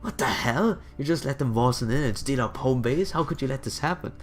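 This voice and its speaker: A man voicing a brash, hot-headed young female knight in a higher, louder voice. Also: expressive, fairly quick, faint music behind, lightly acted. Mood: angry. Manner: loud, brash.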